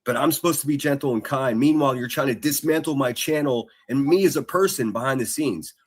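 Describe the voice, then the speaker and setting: A man's voice: mid-range voice, a little fast, slightly rough, dry recording. A man on a live stream talking in a heated, defensive, profane way. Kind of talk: casual live-stream chat.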